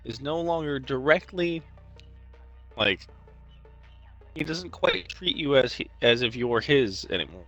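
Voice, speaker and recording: A man's voice: mid-range voice, lively intonation, a little slow, long pauses, fairly bright tone, highs cut off, soft background music. A man running a tabletop game as game master, narrating scenes casually.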